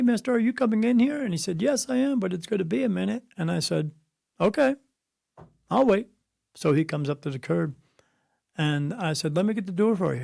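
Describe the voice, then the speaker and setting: Gravelly blunt-talking man. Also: fairly high pitch, a little mellow, no room sound, studio quality. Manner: blunt, preachy, acts out quoted voices. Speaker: spirit medium, guest. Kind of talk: conversational interview, storytelling.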